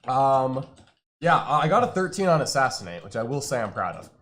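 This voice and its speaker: A man's voice: medium pitch, sing-song, moderate pace, fairly bright tone. A man guest talking through the tabletop game he just played, self-deprecating about his mistakes. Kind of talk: casual interview chat.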